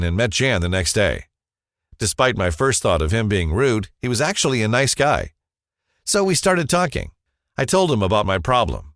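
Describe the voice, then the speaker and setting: Telling a scripted first-person story for an ad, this man's low voice sounds confessional and dramatic, rising and falling expressively. The tone is a bit bright, and the recording is close and dry, with no echo.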